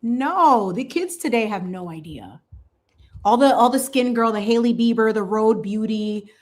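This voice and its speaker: A woman in her thirties hosting a craft channel, chatting casually in a sassy, animated way with slangy asides and frequent laughs. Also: a little high, a little slow.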